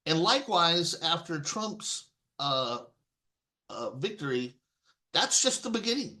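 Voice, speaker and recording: A man's voice: a little high, big pitch swings, slow, bright, forceful tone, echoey room. A man talking casually to his viewers in a rambling, emphatic way, full of fillers and restarts. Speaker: video blogger. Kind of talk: casual monologue to camera.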